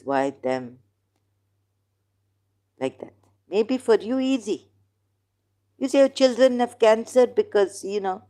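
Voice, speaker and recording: Host for a slow, argumentative solo commentary; non-native English, mellow low-key tone. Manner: rambling, argumentative, questions the listener. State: in neck pain, groaning. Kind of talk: casual religious commentary monologue.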